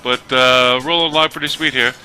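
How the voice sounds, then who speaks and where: A man chatting loosely over his football video game footage. His voice is very bright and forward, and he rambles with plenty of ums and restarts. Faint game music runs underneath. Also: mid-range voice, normal speed. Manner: rambling, lots of fillers and restarts. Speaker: gaming video host. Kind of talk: casual gameplay commentary.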